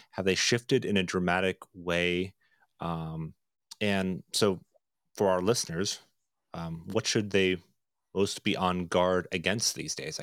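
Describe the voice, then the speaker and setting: Guy hosting a podcast, really deep voice, rambly questions, dry close mic. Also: fairly bright tone, no echo. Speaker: podcast host. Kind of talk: podcast interview.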